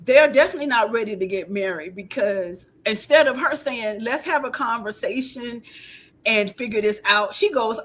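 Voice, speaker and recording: A woman podcast host recapping a TV episode in casual chat, telling it in an animated, storytelling way. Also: on the high side. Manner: animated storytelling, quick reactions.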